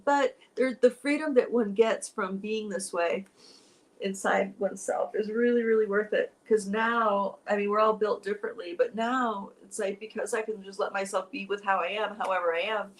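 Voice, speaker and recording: A woman's voice: mid-range voice, normal speed, poor audio. Middle-aged woman spiritual teacher; emotional, rambling personal storytelling that turns teary at moments.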